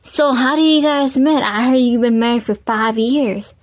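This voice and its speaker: A woman's voice: on the high side, normal speed, lightly acted. A woman voicing a friendly male party host who eagerly welcomes his guests. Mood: welcoming.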